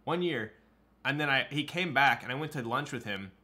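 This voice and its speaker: Chatty male streamer, bright voice. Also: medium pitch, lively intonation, normal speed. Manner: chatty, loose, reads and answers chat. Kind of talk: casual live-stream chat.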